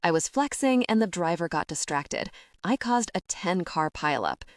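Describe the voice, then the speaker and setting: A woman's voice: on the low side, animated, normal speed, no echo, clean studio sound, close to an everyday voice. A woman voicing a cocky young hockey player. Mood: teasing. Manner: teasing, playful. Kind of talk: audiobook dialogue.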